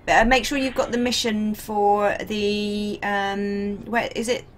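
A woman's voice: mid-range voice, flat delivery, a little slow, a little hiss or hum. A woman streaming a game, chatting casually and laughing often. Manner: chatty, laughs often, reads chat aloud. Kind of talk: casual live-stream chat.

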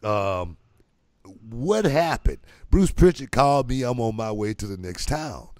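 A man's voice: medium pitch, a little slow, no room sound, clean studio sound. A middle-aged man telling a story in casual chat, with lots of "you know" fillers. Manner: animated, repeats "you know" a lot. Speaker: podcast guest.

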